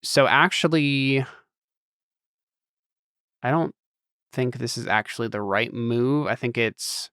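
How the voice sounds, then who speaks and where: A young man game master, smooth and resonant in a dry close room, halting with plenty of ums as he rules on the rolls. his voice is rounded and steady at an even middle pitch. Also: no echo. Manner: hesitant, full of ums and restarts. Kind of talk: running a tabletop game.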